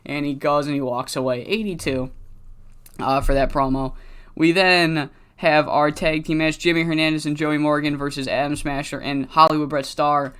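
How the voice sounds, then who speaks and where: Excitable, profane game commentator. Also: mid-range voice, moderate pace, smooth. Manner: excitable, profane, laughs often. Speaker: gaming video host.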